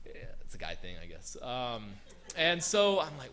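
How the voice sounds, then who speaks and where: A man's voice: lowish voice, big pitch swings, a little fast, sharp tone. A young man, a guest missionary, telling a church congregation a personal story in a conversational, self-deprecating way, full of fillers and restarts. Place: church sanctuary.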